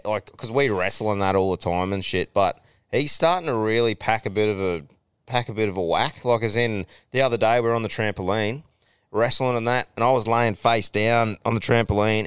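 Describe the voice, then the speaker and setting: A man's voice: lowish voice, a bit bright, clear, resonant tone, no room sound, clean studio sound. A young Australian man co-hosting a casual podcast, telling stories with lots of swearing and laughter. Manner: swears freely, laughs often, tells stories. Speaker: podcast co-host. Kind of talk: casual chat.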